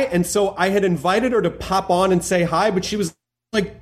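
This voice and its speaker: High-voiced male podcast host, gushing, lots of "like"s. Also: moderate pace. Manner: enthusiastic, filler-heavy, lots of "like". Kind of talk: casual podcast chat.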